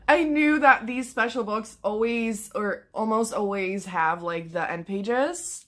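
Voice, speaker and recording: A young woman chatting casually in a book vlog, excitable and gushing, swearing often. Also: a little high, takes it slowly, hardly any pauses. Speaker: book vlogger.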